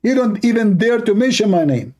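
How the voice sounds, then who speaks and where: A man with a high-pitched, mellow voice and big swings in pitch speaks briskly while hosting a live religious debate stream. His monologue is sarcastic and mocking, using nonstandard English grammar.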